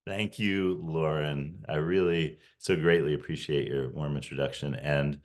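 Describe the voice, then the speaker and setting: A man's voice: very deep voice, fairly even intonation, a little slow. A man in his forties, a podcast host, talking to a reunion audience over a video call with lots of "uh" and restarts. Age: 40s. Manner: hesitant, many fillers and restarts. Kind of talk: casual talk to a reunion audience.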